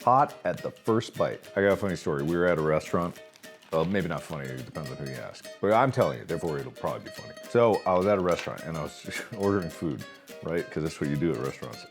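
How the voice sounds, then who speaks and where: Over background music, a man in his thirties fires off jokes and rambling asides at a fast clip while reviewing snacks, occasionally chewing as he talks. His voice sits low and stays animated.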